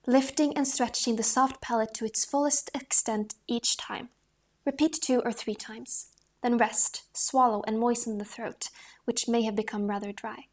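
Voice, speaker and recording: A woman reading a voice-training book aloud in a calm, measured way, with the occasional restart. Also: fairly high pitch.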